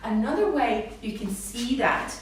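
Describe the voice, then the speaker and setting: Woman speech therapist, animated sing-song modelling, roomy distant sound with faint hiss. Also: a little high, unhurried. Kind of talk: live talk to parents. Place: hall with a live audience. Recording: echoey room, mic far off, faint noise.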